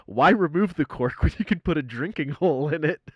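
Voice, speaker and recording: A man streaming live, chatting casually in an animated way, swearing freely and exclaiming loudly. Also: fairly high pitch, husky, dry recording, dull audio.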